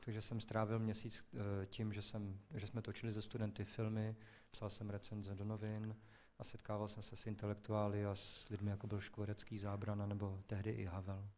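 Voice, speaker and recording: Male stage interpreter, brisk delivery, low-set voice, frequent self-corrections. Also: monotone, darkish tone. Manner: rapid, restarts and self-corrections. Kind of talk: live consecutive interpreting. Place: theatre stage.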